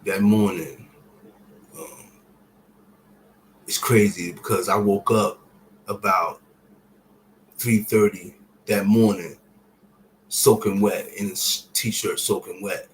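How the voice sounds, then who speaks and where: A man's voice: fairly low pitch, steady tone, takes it slowly, long pauses, a little hiss or hum, rough recording. A man telling an emotional personal story to his viewers in casual, profane speech, his voice falling to near-whispers and then swelling again. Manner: drops to near-whispers and rises to shouts while retelling. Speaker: vlogger sharing a personal story.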